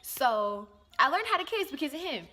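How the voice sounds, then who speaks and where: A young woman casually telling a personal story to camera, chatty and animated, acting out what people said. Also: sits high, moderate pace, faint music behind.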